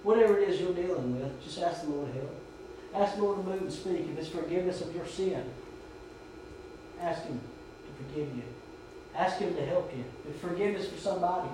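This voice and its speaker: A man's voice: a little high, fairly quick, background noise. A man preaching a sermon, telling a story and urging his congregation. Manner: storytelling, shouting quoted drill commands. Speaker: pastor. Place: church sanctuary. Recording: echoey church from far off.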